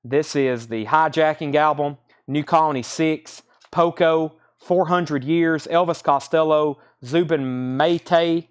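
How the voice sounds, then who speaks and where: A man's voice: fairly high pitch, takes it slowly, hardly any pauses, clean tone. A man running a live online record sale, rattling off album titles and prices in casual, friendly sales patter and tripping over artist names. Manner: friendly and easygoing.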